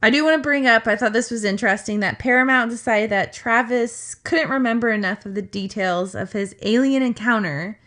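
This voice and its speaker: A woman's voice: a little high, a little fast, hardly any pauses, a bit bright. A woman co-hosting a podcast, retelling a story in a chatty way with lots of fillers and asides. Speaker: podcast co-host. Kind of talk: casual storytelling chat.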